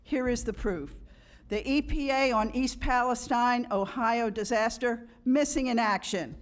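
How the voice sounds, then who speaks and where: A woman with a fairly high voice reads a prepared statement to a county board. Her delivery is earnest and formal. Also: unhurried. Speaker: public commenter. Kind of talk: prepared public comment. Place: county commission chamber.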